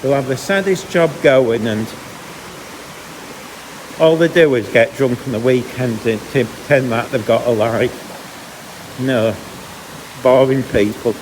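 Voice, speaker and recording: A man's voice: mid-range voice, slow pace, pauses often. A man talks casually into a handheld camera while out on a walk, rambling and grumbling and trailing off mid-thought. His voice sits in an ordinary middle register. A faint hiss of outdoor noise runs underneath. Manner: chatty, grumbling, breaks off mid-sentence. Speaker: vlogger. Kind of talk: casual walking vlog monologue. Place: outdoors on a canal towpath.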